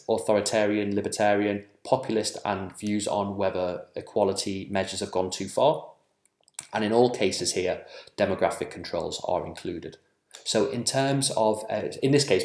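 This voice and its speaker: A man presenting survey research at a conference, measured and full of ums and small self-corrections. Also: on the low side, a little mellow, echoey room.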